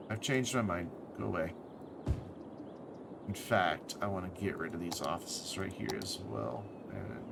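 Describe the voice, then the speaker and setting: A man's voice: fairly low pitch, vocal fry, background noise. A man thinking aloud as he plays a city-building game on a live stream, correcting himself as he goes, tired and with the hiccups. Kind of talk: casual gameplay commentary.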